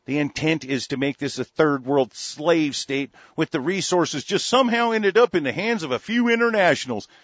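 A man's voice: fairly high pitch, animated, moderate pace, hardly any pauses, fairly bright tone, no echo, lo-fi sound. A man in an angry, profane political rant, heated and repetitive.

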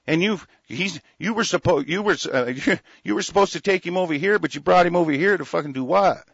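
A man's voice: high voice, brisk, vocal fry, a bit bright, husky, no room sound. A man ranting angrily in a profane commentary, cursing heavily and stumbling over restarts. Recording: dull lo-fi recording.

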